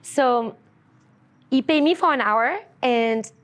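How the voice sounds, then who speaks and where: Young woman, French accent, slightly high voice, candid profane storytelling, laughing asides. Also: slow. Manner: frank and profane, laughs often, drops to hushed asides.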